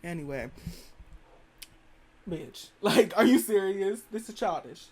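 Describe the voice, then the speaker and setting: A woman's voice: mid-range voice, lively intonation, slow, darkish tone. A young woman hosting her own show, ranting her opinions in a sassy, dramatic, blunt way and swearing freely. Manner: sassy and dramatic, keeps calling the listener "girl". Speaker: podcast host. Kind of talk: casual opinion rant.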